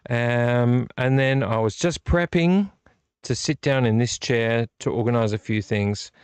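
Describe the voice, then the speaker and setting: A man's voice: mid-range voice, measured pace, smooth, dry recording. Weary man venting on a vlog. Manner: rambling, self-deprecating, frequent restarts. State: frustrated and weary. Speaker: vlog host. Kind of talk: casual late-night vlog chat. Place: home movie collection room.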